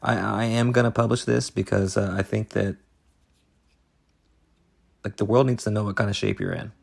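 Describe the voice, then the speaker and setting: A man co-hosting an improvised comedy podcast, rambling in halting, absurd deadpan. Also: lowish voice, creaky. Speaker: podcast co-host.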